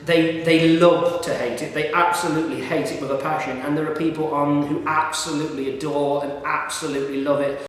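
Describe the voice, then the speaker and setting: A middle-aged British man reviews food in a vlog, rambling casually with lots of fillers and restarts. His voice sits on the high side, with a level tone and fairly quick pace, in an echoey room with long reverb.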